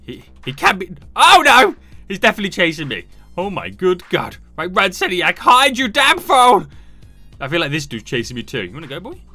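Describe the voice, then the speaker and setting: Energetic male gamer, self-narrating, bright and sharp delivery with soft music under. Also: on the high side, fast, hardly any pauses, dry recording. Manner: animated, shouts and talks to himself while playing. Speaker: gaming YouTuber. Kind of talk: excited gameplay commentary.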